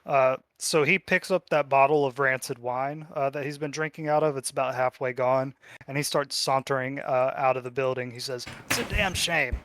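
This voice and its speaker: A man running a tabletop game as game master, describing scenes in a relaxed, filler-dotted storytelling manner. His voice sits in a plain middle register. The recording is dry and close. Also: mid-range voice, moderate pace, few pauses, clear, resonant tone, no echo.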